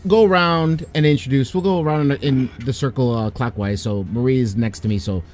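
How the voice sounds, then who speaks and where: A man hosting and running a tabletop game stream, energetic and joking, laughing often. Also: mid-range voice, brisk, slight background noise. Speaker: game master.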